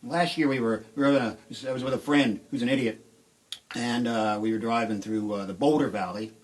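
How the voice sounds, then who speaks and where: A middle-aged man doing rambling, deadpan stand-up storytelling on a live stream from his shed, with sudden shouted outbursts. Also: mid-range voice, fairly quick. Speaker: comedian and musician. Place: home shed.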